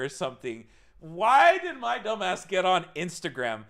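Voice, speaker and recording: A young man streaming live, telling a personal story to his chat in a casual, animated way, laughing often and swearing freely. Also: sits high, slow, gravelly.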